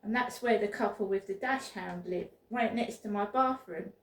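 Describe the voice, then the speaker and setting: Speaking at a normal speed in a mid-range voice, this vlogger tells a wandering personal story indoors at home, repeating words and starting sentences over. It's a casual spoken diary, picked up from a distance in a roomy-sounding space.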